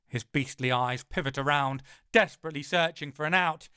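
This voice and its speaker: A man narrating a first-person audiobook in a dramatic, wry way, slowing for emphasis. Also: on the high side, sharp tone, clean tone, no echo, clean studio sound.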